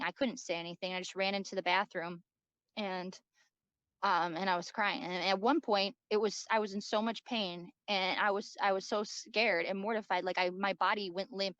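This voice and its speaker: A woman guest giving a personal first-person account, halting and repeating herself, with lots of likes and ums. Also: mid-range voice, a bit bright, no echo. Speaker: interview guest. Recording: dull lo-fi dry recording.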